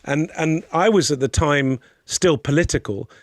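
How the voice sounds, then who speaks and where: A brisk man, a podcast guest, spins animated, sweary stories in a raised, fairly high voice. The sound is dry and close, with no room echo, and he keeps piling on asides and quoted exchanges. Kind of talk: casual storytelling chat.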